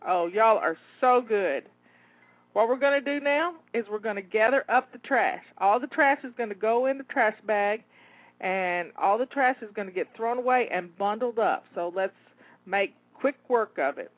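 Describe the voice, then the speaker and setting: A woman's voice: fairly high pitch, expressive, moderate pace, dry recording. A woman coaching listeners through a timed kitchen cleanup, upbeat and encouraging, a little out of breath. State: slightly out of breath. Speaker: home organizing coach. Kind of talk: live cleaning pep talk. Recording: tinny phone-like audio.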